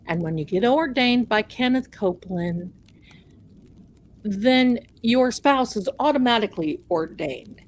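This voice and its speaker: A woman's voice: fairly high pitch, animated, unhurried, a little hiss or hum. A woman hosting a live stream who tells a chatty, folksy, self-mocking story. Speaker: livestream host.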